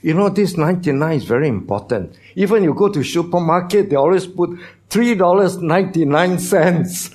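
A man's voice: fairly high pitch, lively intonation, normal speed, a little mellow, breathy edge. A man preaching a sermon as pastor, teaching, asking the congregation questions, with non-native phrasing.

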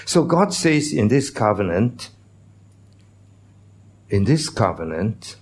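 A man's voice: lowish voice, sing-song, slow pace, a little hiss or hum. A man preaching a sermon as pastor, teaching, asking the congregation questions, with non-native phrasing.

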